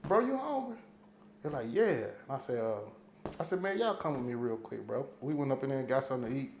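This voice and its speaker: A man's voice: medium pitch, fast talker, vocal fry, echoey room, a little hiss or hum. A man telling a story in casual podcast chat, cursing freely and acting out what people said. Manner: profane, animated storyteller, acting out quotes. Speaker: podcast guest.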